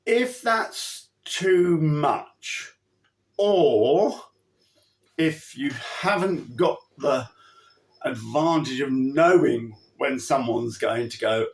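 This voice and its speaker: A man's voice: mid-range voice, lively intonation, very slow, creaky. A man who trains horses, giving an emphatic, chatty riding lesson and acting out his cues to the horse. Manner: chatty, with restarts and asides. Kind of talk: instructional talk.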